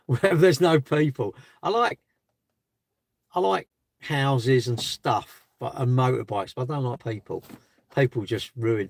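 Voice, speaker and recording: A man's voice: medium pitch, gravelly, dry recording. A man chatting on a live stream from his parked car, rambling and asking rhetorical questions. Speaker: livestreamer. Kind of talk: casual live stream chat.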